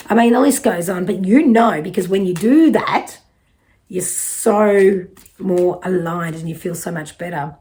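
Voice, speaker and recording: A woman's voice: fairly low pitch, darkish tone, slight background noise. A middle-aged woman with an Australian accent, giving a casual, reassuring psychic card reading and swearing now and then.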